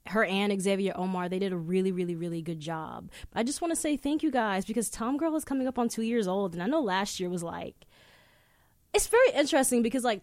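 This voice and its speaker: A woman's voice: medium pitch, no echo. A woman hosting her own podcast from a studio, rambling through casual stories with lots of swearing. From New York. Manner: chatty, profane, rambling storytelling. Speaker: podcast host. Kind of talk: casual solo podcast chat.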